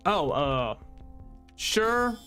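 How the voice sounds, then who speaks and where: A man's voice: high voice, sing-song, very slow, bright, forceful tone, soft background music. A man giving casual, sarcastic gameplay commentary as a streamer, mocking himself and swearing freely. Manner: sarcastic, self-mocking banter.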